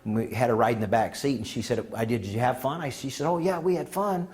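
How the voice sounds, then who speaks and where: In a conference room, a man speaks quickly in a mid-range voice, spinning folksy, animated tales. He performs the quotes of the characters as he goes.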